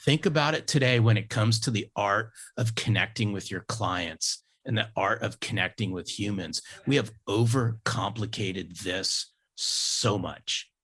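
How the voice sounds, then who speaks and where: A man in his fifties with a very low, gravelly voice that has a husky edge. He tells his stories with emphatic repetition, hammering key phrases home like a seasoned sales coach. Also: measured pace, hardly any pauses, fairly bright tone. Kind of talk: storytelling interview talk.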